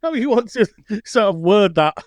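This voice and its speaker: A man's voice: high voice, animated, normal speed, no room sound. A man co-hosting a podcast in casual chat, joking and laughing often. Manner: chatty, laughs often, playful asides. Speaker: podcast co-host.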